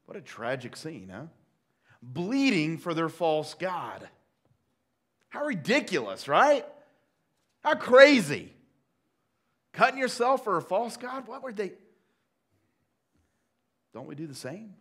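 A male pastor delivers a sermon in a church, his voice sitting a little high. He tells the story with animated energy, shouting out the quoted lines and then dropping to a quiet, hushed tone for asides. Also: takes it slowly, pauses often, husky. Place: church sanctuary.

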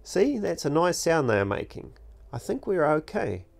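A man's voice: a little high, very animated, normal speed, vocal fry, darkish tone, pitched above the performer's own voice. A man voicing a curious, earnest young boy who asks lots of questions, as a storybook narrator. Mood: eager. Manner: eager, questioning, a little cheeky.

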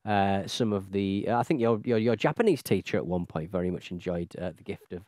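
A man's voice: deep voice, a little fast, a little mellow, no echo, clean studio sound. A man from England co-hosting a podcast in casual chat, full of ums and restarts, often giggling. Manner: hesitant, filler-heavy, giggly. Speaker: podcast co-host.

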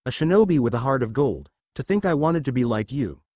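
A man's voice: medium pitch, expressive, a little fast, darkish tone, no echo, lightly acted. A man reading the lines of a furious, defiant young female ninja in a storybook, with a seething, insulting manner. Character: furious young kunoichi, sharp-tongued and defiant.

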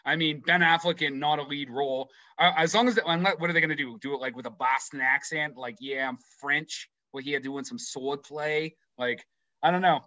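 Animated, swearing podcast host. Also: male voice, a little high, fairly quick, no room sound. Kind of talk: casual chat.

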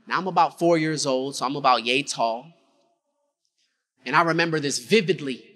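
A keynote speaker's fairly high, slightly bright voice moves at a moderate pace as he motivates a crowd in a large, reverberant conference hall. He dramatizes his own story and pulls listeners into call-and-response.

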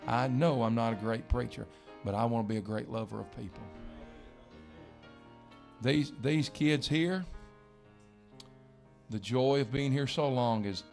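Gravelly pastor preaching folksy. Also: male voice, mid-range voice, a little slow, pauses often, darkish tone, faint music behind. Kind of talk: sermon. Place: church sanctuary.

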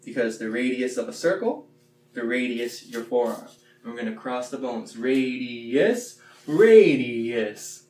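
A man leading a playful classroom warm-up, chanting the words slowly and loudly. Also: mid-range voice. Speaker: teacher leading a movement warm-up. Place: x-ray room. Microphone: phone camera from a distance. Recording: echoey room, mic far off, faint hum.

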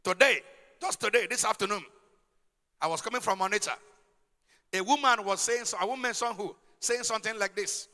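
Male pastor, forceful bright delivery, high-pitched, preaching in a big reverberant hall. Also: brisk, long pauses. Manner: emphatic preaching with rhetorical questions to the congregation. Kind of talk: sermon.

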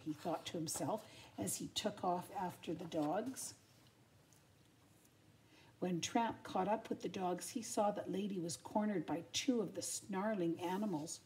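An older grandmother reading a children's storybook aloud in a gentle, expressive way, adding little asides for her listeners. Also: fairly low pitch, a little slow.

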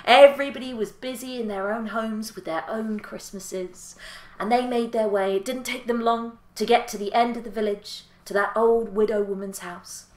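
A woman storyteller telling a folk tale in a lilting, expressive way. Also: on the high side, normal speed, roomy sound.

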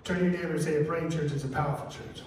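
A man's voice: on the high side, steady tone, racing, a loud crowd. A man preaching a sermon as pastor, telling stories and acting out the voices of people in them. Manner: storytelling, acts out voices of people in the story. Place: church sanctuary. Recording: echoey church hall from far off.

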